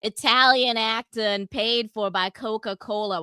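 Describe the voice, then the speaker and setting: Bright-voiced playful woman co-host. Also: medium pitch, lively intonation, moderate pace, clean tone, no room sound, clean studio sound. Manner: playful, swears freely. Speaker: podcast co-host. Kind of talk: casual chat, reading donations.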